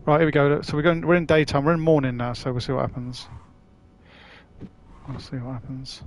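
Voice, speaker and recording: A man's voice: mid-range voice, flat delivery, a little fast, slight background noise. A man chatting casually to his live-stream audience as he plays, rambling, swearing and using slang. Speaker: gaming streamer.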